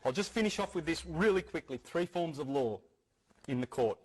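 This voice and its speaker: A man with a fairly high, husky voice and lively intonation addresses an audience at normal speed in a lecture-style talk. He is earnest, often repeating key phrases and restarting his sentences.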